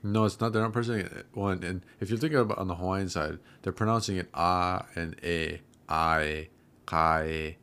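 A man in casual podcast chat, patiently explaining pronunciation and slowing words down to demonstrate them. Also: deep voice, fairly even intonation, a bit bright.

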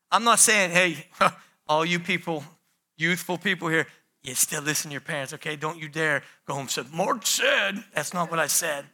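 A man's voice: high voice, pushed and bright. A middle-aged man preaching a sermon, calling the congregation "church" and acting out the pleas of the people he describes. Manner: emphatic preaching, often addresses the congregation as "church", acts out quoted pleas. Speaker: pastor.

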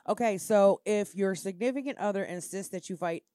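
A woman's voice: medium pitch, brisk, dark tone, no echo. Woman cohost, blunt and sweary, casual chat, dry close sound. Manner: blunt, swears freely, reads items aloud. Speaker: podcast co-host.

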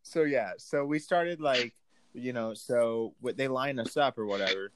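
A man's voice: medium pitch, measured pace, crowd noise. A man telling a rambling story in casual chat, full of fillers and restarts.

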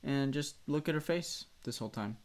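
A young man co-hosting a podcast with his wife, speaking in a casual, halting way. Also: fairly high pitch, a little mellow. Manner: hesitant, halting. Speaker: podcast co-host. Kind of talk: casual chat.

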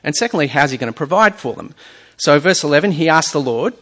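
Gravelly-voiced male preacher. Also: fairly high pitch, expressive, fast, a bit bright. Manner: earnest, asks the listeners rhetorical questions; reads scripture aloud between explanations. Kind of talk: sermon. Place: church or hall with a screen.

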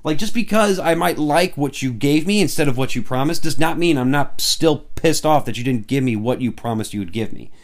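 A man vlogging casually about upcoming films, excitable and quick to get worked up, with lots of fillers. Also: medium pitch. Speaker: movie fan vlogger.

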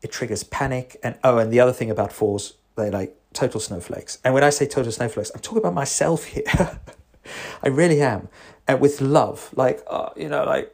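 A man, a psychotherapist, recording a casual voice note. His voice is husky and sits at a middle pitch. He rambles wryly and keeps interrupting himself. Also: a little fast, darkish tone. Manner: rambling, self-interrupting, wry.

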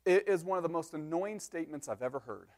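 A man's voice: fairly high pitch, expressive, fast talker. A man preaching a sermon, teaching through a psalm point by point with joking asides. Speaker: pastor.

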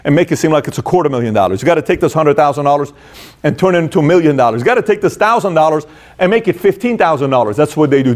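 Fast-talking emphatic man host. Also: a little high, darkish tone. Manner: emphatic, repeats phrases, acts out inner dialogue. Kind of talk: motivational business talk to camera.

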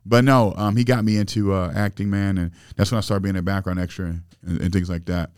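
A man's voice: deep voice, level tone, quick pace, darkish tone, clean tone, no echo, clean studio sound. A man from Illinois, a podcast guest, telling his life story in loose, profane street talk full of fillers. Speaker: interview guest.

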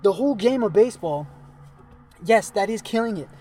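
A man's voice: high voice, lively intonation, brisk, recorded from a distance, crowd noise. A man arguing heatedly in a casual chat, swearing often and cutting in. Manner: swears a lot, interrupts, heated.

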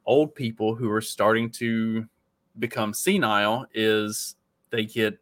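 A man's voice: on the low side, steady tone, slow, dry recording. A man co-hosting a podcast, talking casually and rambling with many fillers. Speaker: podcast co-host. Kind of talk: casual political commentary.

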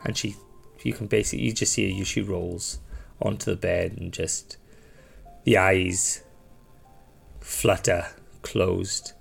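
Deep, very gravelly game master. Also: male voice, steady tone, takes it slowly, long pauses, faint music behind. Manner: casual, rambling, many fillers. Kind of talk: narrating a tabletop game.

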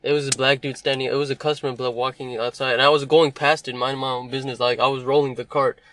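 A man's voice: medium pitch, flat delivery, fast talker, fairly bright tone, no room sound. A young man co-hosting a podcast, telling stories in a loose, profane, laughing way. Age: young adult. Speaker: podcast co-host. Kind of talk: casual chat.

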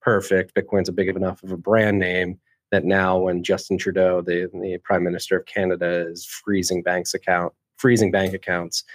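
A man hosting a casual podcast conversation, speaking in a halting way with many fillers and restarts. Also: sits low, level tone, dry recording. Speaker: podcast host.

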